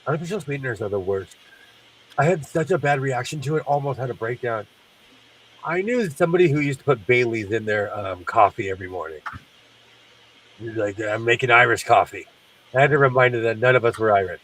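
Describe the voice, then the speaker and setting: A man's voice: mid-range voice, animated, brisk, a bit bright, far from the mic, slight background noise, poor audio. A man hosting a sewing livestream, congested from sinus trouble, chatting in a rambling way and laughing often. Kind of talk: casual chat while sewing.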